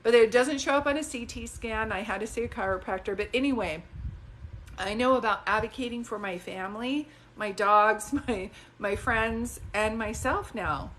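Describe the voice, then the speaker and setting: A woman psychic talks casually to her live-stream viewers in a chatty, digressive and animated way, into a phone. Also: a little high, normal speed, a little hiss or hum. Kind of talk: casual livestream talk to viewers.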